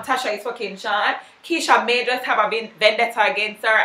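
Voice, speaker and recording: Gossipy woman recapping a show, bright voice, roomy echo. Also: fairly high pitch. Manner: chatty, gossipy, opinionated. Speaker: vlogger. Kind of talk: casual TV episode recap.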